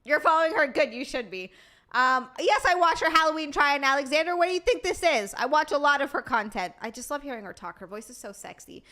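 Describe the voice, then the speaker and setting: A woman's voice: high voice, brisk, bright, forceful tone. A woman streamer chatting casually with her live chat, bubbly and rambling, reading messages aloud.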